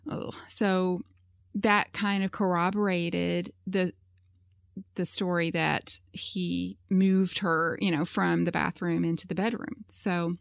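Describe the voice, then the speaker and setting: A woman's voice: on the low side, little pitch movement, takes it slowly, creaky, smooth, no echo, studio quality. A woman hosting a podcast, telling a true-crime story in a casual, chatty way with lots of "you know" fillers. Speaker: podcast host.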